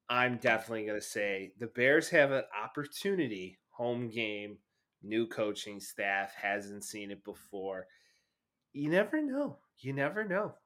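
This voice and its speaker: A man's voice: medium pitch, animated, measured pace, a bit bright. A man co-hosting a sports podcast in casual, joking banter, hyping his home team. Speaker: podcast co-host.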